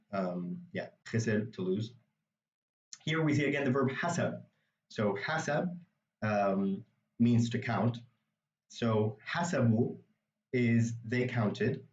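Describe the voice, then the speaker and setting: A man's voice: fairly low pitch, a little mellow, echoey room, distant mic, muffled recording. A man teaching a language, explaining a reading passage step by step in a patient way with many asides. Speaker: Arabic dialect teacher.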